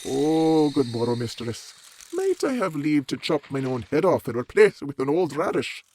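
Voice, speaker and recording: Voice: medium pitch, very animated, moderate pace, darkish tone, a little hiss or hum. A performer voicing a groggy, self-pitying hungover man in a mock-Shakespearean audio drama, speaking in theatrical archaic words. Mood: groaning.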